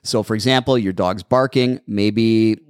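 A man who trains dogs answers listener questions on an advice show, explaining steps patiently and repeating them, his voice a little hoarse. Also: fairly low pitch, a little slow, no echo, studio quality. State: slightly hoarse.

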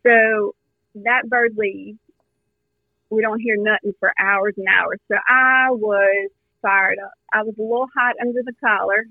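A woman from Louisiana, a guest telling her hunting story in an earnest, animated way with lots of fillers, heard over a phone line. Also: mid-range voice, a little slow, no echo. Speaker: guest hunter. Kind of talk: storytelling in a podcast interview.

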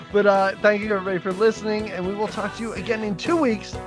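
A man's voice: high-pitched, flat delivery, fast talker, over music. A man co-hosting a podcast, friendly and rambling, joking about his own mistakes. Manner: friendly, rambling, self-deprecating. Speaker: podcast co-host. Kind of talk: casual podcast chat.

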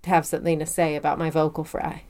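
A woman co-hosting a podcast in casual chat, with a raspy, low-toned voice and wry teasing. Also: flat delivery, quick pace, darkish tone. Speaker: podcast co-host.

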